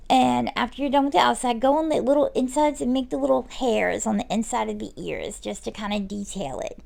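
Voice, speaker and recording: Gravelly-voiced woman narrating a nail tutorial. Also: fairly high pitch. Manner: relaxed, self-correcting, chatty instruction. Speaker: nail artist. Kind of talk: step-by-step nail art tutorial voice-over.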